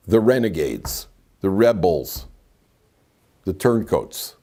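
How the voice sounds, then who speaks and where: An older rabbi, animated and a little fast, speaks in a lowish voice with a darkish tone. His informal Torah lecture to a classroom of students is conversational and wandering, with many restarts and asides.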